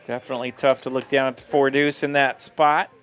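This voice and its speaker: A man's voice: mid-range voice, level tone, a little fast, a bit bright, smooth, soft background music. A man calling live poker play-by-play in an upbeat manner, laughing easily. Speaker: poker commentator.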